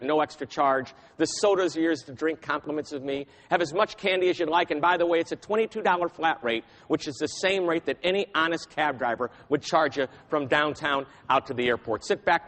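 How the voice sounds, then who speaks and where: A man voicing a friendly male Texan cab driver with a very deep voice. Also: fairly quick, hardly any pauses, a bit bright, close to an everyday voice. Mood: welcoming.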